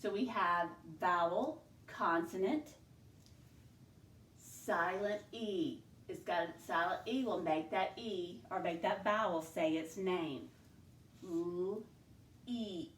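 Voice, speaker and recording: A woman teaching a second grade phonics lesson, slowly sounding out syllables in a clear teacher voice. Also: lowish voice, a bit bright, reverberant, a little hiss or hum.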